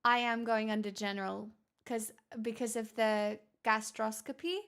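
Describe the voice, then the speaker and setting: Woman streamer, higher voice, relaxed matter-of-fact chat with viewers, light self-mockery. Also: normal speed, smooth. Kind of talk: casual live-stream chat, answering viewer messages.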